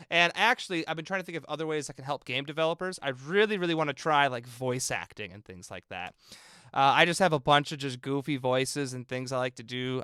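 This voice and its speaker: A man's voice: mid-range voice, sharp tone, smooth, dry recording, studio quality. A man, a film composer, chatting casually and thinking aloud as he mixes game music on a live stream and answers viewers in chat.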